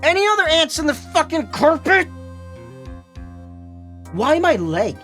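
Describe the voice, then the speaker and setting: A woman streamer chatting during a game, talking in big dramatic swings with a very lively pitch. She curses freely and laughs at herself, while faint music runs underneath. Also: measured pace. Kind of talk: casual live-stream chat.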